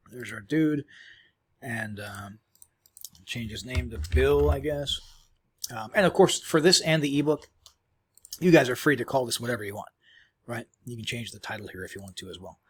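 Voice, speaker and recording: Man, casual software tutorial, husky voice, rambling with fillers, chewing while talking. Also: mid-range voice, normal speed, pauses often. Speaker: tutorial host. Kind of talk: screen-recorded software tutorial.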